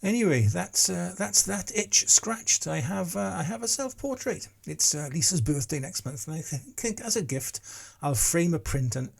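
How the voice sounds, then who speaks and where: Rambling gravelly man in his sixties. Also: sits high, animated, normal speed, hardly any pauses. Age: 60s. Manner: rambling, self-deprecating, full of restarts. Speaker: vlogger. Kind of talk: casual chat to camera.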